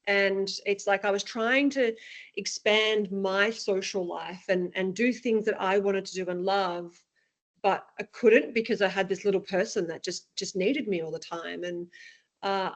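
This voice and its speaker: Woman guest, candid and emotional, medium pitch, interview storytelling. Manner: candid, emotional, frequent restarts. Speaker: guest, parent.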